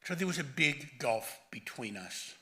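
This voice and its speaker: Bright-voiced man in his seventies giving a eulogy. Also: medium pitch, lively intonation, unhurried. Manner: emotional, voice rising and breaking near tears. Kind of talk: funeral eulogy.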